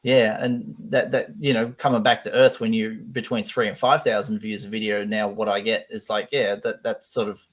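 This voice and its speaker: A man's voice: fairly low pitch, flat delivery, moderate pace, few pauses. Chatty Australian man on a call. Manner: chatty, laughs often, repeats words when restarting. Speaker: guest YouTuber. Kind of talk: casual interview chat.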